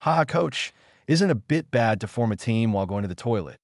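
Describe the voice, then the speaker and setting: A man voicing a quick-witted young male basketball player who talks in a brisk, sheepish way. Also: medium pitch, expressive, a little mellow, no room sound, studio quality. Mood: urging.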